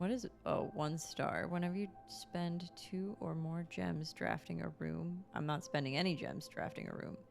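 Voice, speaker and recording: Gravelly-voiced woman streamer chatting over gameplay. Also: on the low side, fairly even intonation, moderate pace, few pauses, darkish tone, soft background music. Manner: chatty, reacts aloud to the game and to chat. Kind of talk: casual gameplay commentary.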